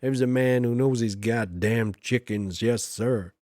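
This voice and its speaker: A brash, swaggering American man talks himself up in a loud drawl, as a British streamer puts him on. The voice sits in a middle register, and the sound is close and dry with no room around it. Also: mid-range voice, unhurried, dry recording, natural voice. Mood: boastful. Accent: put-on American. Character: brash American man praising fried chicken.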